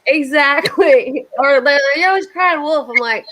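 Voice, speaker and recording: A middle-aged woman from the United States hosting a casual talk, telling animated stories and laughing often. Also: high voice, measured pace, hardly any pauses, poor audio. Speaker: host. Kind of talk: casual chat.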